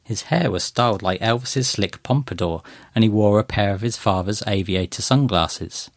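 A man reading a first-person short story aloud in a gentle, measured way. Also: lowish voice, no room sound, clean studio sound. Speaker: narrator.

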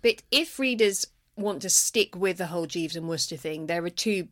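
A woman talks casually and with enthusiasm about a favourite comic novel. Her voice sits a little low, and she keeps a chatty, engaged tone. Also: normal speed, fairly bright tone. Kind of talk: casual book discussion.

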